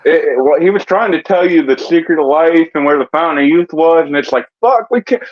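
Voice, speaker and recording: A man's voice: fairly high pitch, a little fast, lo-fi sound. A man co-hosting a casual podcast, joking and swearing. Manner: joking, profane. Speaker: podcast co-host. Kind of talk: casual chat.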